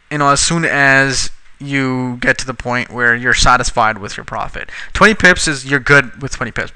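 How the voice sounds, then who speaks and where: A man with a very bright, crisp voice on the high side gives a casual, chatty screen-recorded trading tutorial. The audio is dry and close, without any room around it. He now and then gets irritated and curses at how slow his computer is.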